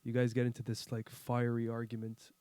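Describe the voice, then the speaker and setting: A man co-hosting a podcast in casual chat, calm and thoughtful. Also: medium pitch, brisk, clear, resonant tone, dry recording. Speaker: podcast co-host.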